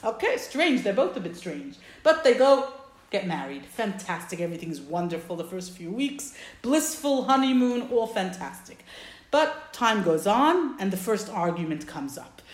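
A woman teaching a class over a video call, telling a parable in an animated, emphatic way. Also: mid-range voice, moderate pace, reverberant. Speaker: religious teacher.

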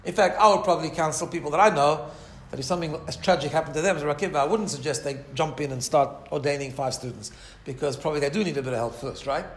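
A man's voice: a little high, fast talker, few pauses, roomy sound. Man giving a chatty Torah class. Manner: conversational, keeps asking "right?", acts out quoted voices. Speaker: rabbi teaching a class. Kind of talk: Torah lecture.

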